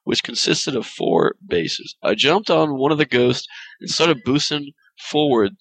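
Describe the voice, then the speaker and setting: Lively, bright-voiced podcast host. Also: male voice, mid-range voice, gravelly, breathy edge, dry recording, rough recording. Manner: joking, teasing, quick back-and-forth. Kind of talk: casual gaming podcast chat.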